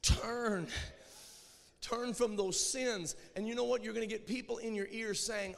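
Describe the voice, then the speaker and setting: A man preaching a sermon, moving from hushed storytelling to shouted, emphatic repetition. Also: high voice, moderate pace, creaky, long reverb tail.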